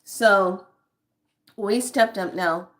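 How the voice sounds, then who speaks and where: A woman's voice: medium pitch, drawn-out words, background noise. A woman in her fifties, chatting candidly to her viewers and telling a story with frequent laughter. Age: 50s. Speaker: spiritual vlogger. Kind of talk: casual chat to viewers.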